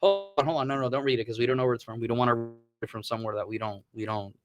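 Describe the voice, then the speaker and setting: A man's voice: mid-range voice, fairly even intonation, very fast, dull audio, soft background music. A man from Missouri, a podcast host, telling stories in casual chat and swearing freely. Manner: rambling storyteller, swears freely.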